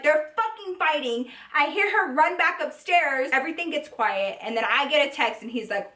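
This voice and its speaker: A woman's voice: sits high, brisk, hardly any pauses, pushed and bright. A young woman vlogger telling a profane, chatty storytime, full of "like" and "okay?". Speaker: beauty vlogger. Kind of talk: storytime vlog. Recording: echoey room.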